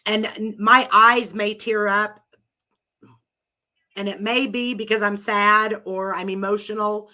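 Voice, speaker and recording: A middle-aged woman who has a cold hosts a live audio room, chatting with listeners in a rambling way and laughing often. Her voice is medium in pitch with little movement, slow, and sharp in tone.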